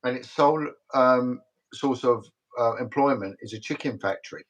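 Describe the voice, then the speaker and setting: A man's voice: mid-range voice, normal speed, rough recording. A middle-aged British man, a retired detective, talking as a guest in a casual livestream interview, emphatic and repetitive, rambling from story to story. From Britain.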